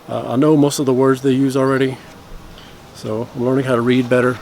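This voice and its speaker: Regular guy talking through his language study, middle pitch, faint background hum. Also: little pitch movement. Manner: rambling, self-correcting explanations; slow careful practice of phrases. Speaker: language-learning vlogger. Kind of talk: casual talk to camera.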